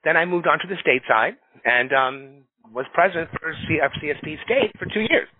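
A man's voice: a little high, a little fast, no room sound. A middle-aged man from New York who works as a recruiter, telling stories in a casual chat and acting out the people he quotes. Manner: animated storyteller acting out quotes. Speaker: staffing recruiter, association leader. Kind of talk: casual podcast conversation. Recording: tinny phone-like dry sound.

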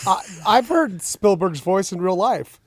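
A man with a notably high voice that jumps around as he tells a story to friends. He stumbles and restarts as he goes, in a close, dry sound. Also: animated, a little slow, dry recording. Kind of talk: casual anecdote in group chat.

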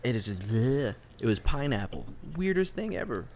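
A man's voice: mid-range voice, very animated, moderate pace, a little mellow, a little hiss or hum. A man in a comedy podcast, rambling through an absurd story in a casual, loose way. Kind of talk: improvised comedy chat.

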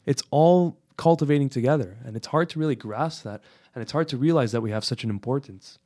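A man's voice: mid-range voice, brisk, dark tone, no echo, studio quality. A man co-hosting a podcast, talking in an earnest, reflective way and laughing easily. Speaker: podcast co-host. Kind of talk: casual podcast chat.

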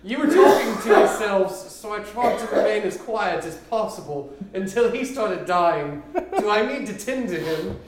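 A man's voice: high voice, lively intonation, moderate pace, voice pushed up. A man voicing a frail, timid woman doctor in a tabletop game, talking in a nervous, polite way that tips into panic. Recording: echoey room with background noise.

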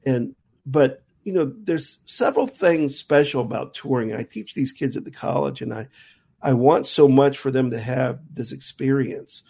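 A man's voice: mid-range voice, expressive, normal speed, gravelly, dark tone, husky. A middle-aged man, a jazz musician and teacher, casually telling a rambling anecdote with many restarts. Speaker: touring jazz musician and college teacher, guest. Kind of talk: casual storytelling in a conversation.

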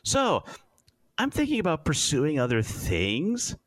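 A man's voice: fairly high pitch, huge pitch swings, slow, fairly bright tone, dry recording, pitched above the performer's own voice, heavily acted. A man voicing a nervous, eager young male starship ensign who stammers and hesitates.

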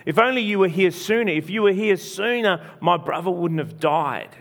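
A man's voice: sits high, animated, normal speed, vocal fry, fairly bright tone, big-room sound, pitched above the performer's own voice, exaggerated voice. A man preacher voicing a grieving woman who pleads over her dead brother, repeating herself. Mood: pleading.

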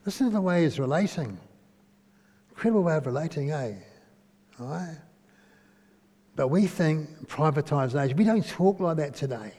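A man's voice: a little high, lively intonation, moderate pace, long pauses, mellow. A man giving a conversational sermon, often asking listeners questions and tagging lines with "eh?". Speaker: preacher. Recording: long hall reverb.

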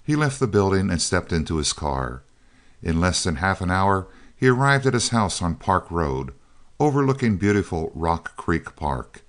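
A man narrating an audiobook in a steady, measured reading style. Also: deep voice. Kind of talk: scripted narration of a science-fiction novel.

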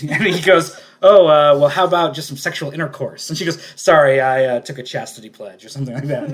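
A man's voice: fairly high pitch, brisk. A man co-hosting a casual podcast chat, retelling comic book scenes in a rambling way, full of fillers and chuckles. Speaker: podcast co-host.

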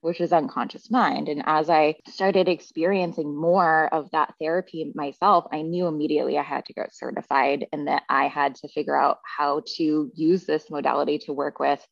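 Middle-aged woman, lower register, candid storyteller with profanity and filler words, dry slightly muffled mic. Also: fairly even intonation, normal speed, creaky, dry recording. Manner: frank, profane, heavy use of "like" fillers. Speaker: podcast guest, therapy practitioner. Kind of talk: casual personal storytelling. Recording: dry, slightly dull recording.

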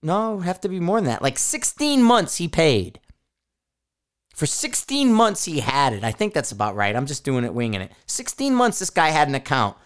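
A man's voice: fairly high pitch, sing-song, moderate pace, smooth. A man hosting a podcast, talking casually in a blunt, profane, rambling way with frequent restarts. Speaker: podcast host. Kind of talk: casual solo podcast rant.

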